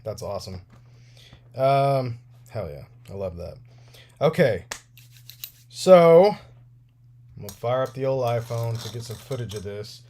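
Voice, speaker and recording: Unhurried and mellow, with lively intonation and long pauses, this mid-range male voice belongs to a toy repair streamer in his thirties. He repairs action figures while chatting casually, rambling, and laughing often.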